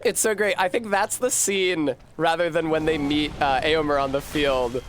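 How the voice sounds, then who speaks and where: A man with a higher-pitched voice streams a game and chats casually at normal speed, with a little hiss or hum in the audio. His gameplay talk is profane and rambling, and he laughs often.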